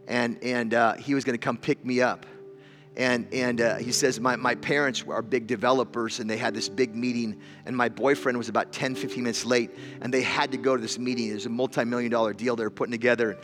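A man's voice: medium pitch, level tone, a little fast, over music. A man preaching, telling a story with repeated words and rising intensity. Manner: storytelling, repeats words, builds to loud emotional climax. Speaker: pastor. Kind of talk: sermon. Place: church hall with an audience.

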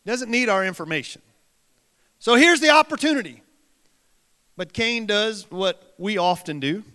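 High, bright-voiced preacher in a reverberant hall. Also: male voice, expressive, unhurried, clean tone. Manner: preaches with rhetorical questions and repeated phrases. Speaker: pastor. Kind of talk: sermon. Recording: long reverb of a large hall.

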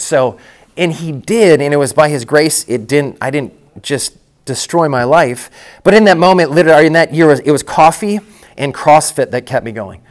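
A man's voice: medium pitch, fairly quick. A middle-aged man, a lead pastor, telling his own story in a conference breakout session, candid and conversational, often restarting his sentences.

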